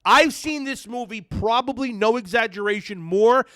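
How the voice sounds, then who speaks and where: A man hosting a podcast, loud, excitable and cursing freely in casual chat. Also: very high-pitched, normal speed, dry recording, clean studio sound. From New Jersey. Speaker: podcast host.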